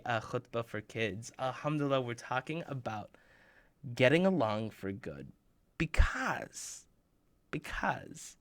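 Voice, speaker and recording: A man's voice: on the high side, bright, forceful tone. A man giving a playful, joking sermon for children, telling stories in a conversational way. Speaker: children's khutbah presenter. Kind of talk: playful storytelling sermon for kids.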